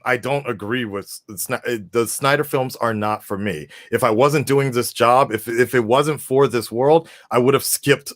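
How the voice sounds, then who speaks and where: A man hosting a live call-in discussion at a middle pitch. He rambles casually, swears freely and breaks into laughing asides. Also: normal speed, few pauses, a bit bright. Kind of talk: casual chat.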